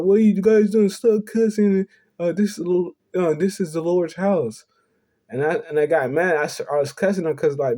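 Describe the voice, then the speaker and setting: A man's voice: on the high side, darkish tone. A young man telling a personal story in an earnest, confessional way, rambling and repeating himself. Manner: rambling, repeats "you know what I'm saying". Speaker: vlogger.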